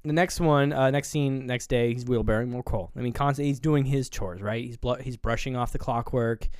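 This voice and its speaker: A man's voice: medium pitch, brisk, a little mellow, smooth, no room sound, studio quality. A man co-hosting a casual film review podcast, laid-back and profane as he recaps scenes. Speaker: podcast co-host.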